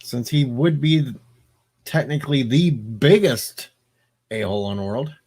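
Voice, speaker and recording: A man talking casually on a live stream at home late at night, answering chat messages as they come in. He rambles and cracks jokes in a loose, easygoing way, and his voice sits in a middle pitch. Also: unhurried, a little mellow, slightly rough. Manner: rambling, joking, chatting back to viewers. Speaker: livestreamer reading chat.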